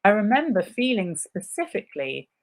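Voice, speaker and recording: On a live stream, a woman reads a legal deposition aloud, taking turns voicing both the questions and the answers and cutting in with sarcastic asides. Her medium-pitched voice has a sing-song lilt and moves at a normal speed, making it a dramatic reading with running commentary.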